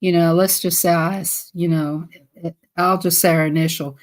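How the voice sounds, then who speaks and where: A woman's voice: lowish voice, steady tone, moderate pace. A woman telling casual stories on a live stream, chatty and laughing often as she acts out voices. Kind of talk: casual storytelling.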